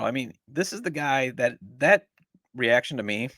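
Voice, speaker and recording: A man's voice: medium pitch, animated, normal speed, fairly bright tone, no echo, clean studio sound. A middle-aged man hosting a sports podcast, ranting with exasperated sarcasm about his team. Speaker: podcast host. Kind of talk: opinionated sports talk.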